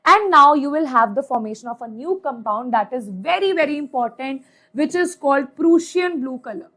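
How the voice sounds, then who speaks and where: Indian lady teaching chem online, high voice, keeps saying right? and hai na. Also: animated, normal speed, bright, forceful tone. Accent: Indian English. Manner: chatty, repeats points, asks "right?" often, mixes in Hindi. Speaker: chemistry teacher. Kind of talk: online exam-prep lecture.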